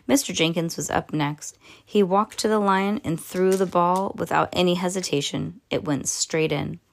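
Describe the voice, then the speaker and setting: Woman storyteller, lowish voice, reads a kids' tale aloud, casual, stumbles now and then. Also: moderate pace, gravelly. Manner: reads with small slips and restarts, casual asides. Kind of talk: reading a children's story aloud.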